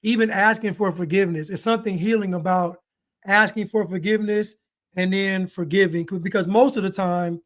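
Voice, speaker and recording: Man, high voice, casual stream host, rambling commentary to chat. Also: steady tone, a little fast. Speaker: streamer host reacting to a video.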